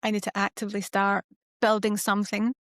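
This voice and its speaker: Give me a Scottish woman with a mid-pitched voice chatting casually as a podcast host, telling stories with lots of energy. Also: a little fast, no room sound, clean studio sound. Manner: animated storyteller who acts out quoted dialogue. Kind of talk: casual chat.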